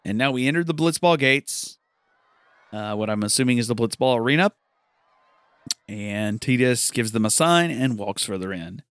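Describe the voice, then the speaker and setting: A man's voice: mid-range voice, animated, normal speed, fairly bright tone, clear, resonant tone, no room sound. Chatty man commenting on a video game. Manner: chatty, enthusiastic, retells dialogue. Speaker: gameplay commentator. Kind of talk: casual let's-play commentary.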